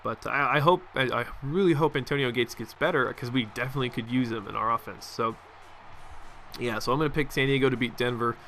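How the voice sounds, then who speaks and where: Chatty young man, bright rambling voice. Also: mid-range voice, fast, slight background noise. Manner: rambling, chatty, many restarts and fillers. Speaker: gaming commentator. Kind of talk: casual gameplay commentary.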